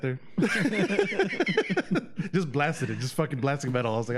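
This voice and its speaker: A man's voice: medium pitch, animated, normal speed, long pauses. Man, a bit tipsy, casual chat, repetitive, swearing, laughs a lot. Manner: laughs often, repeats himself, swears. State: a little tipsy.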